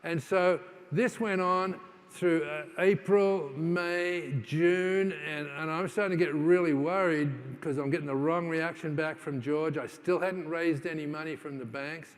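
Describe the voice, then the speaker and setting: This keynote speaker has a slightly high voice, fairly even intonation and an unhurried pace. Addressing a live audience, he tells his story conversationally with lots of "uh"s and restarts, acting out quoted dialogue, while the big conference hall lends a long reverb.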